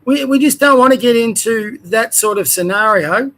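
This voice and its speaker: The voice is extremely high and a bit bright, at a normal speed, belonging to an Australian man who hosts his own show. His commentary is a heated, rambling rant that trails off mid-sentence.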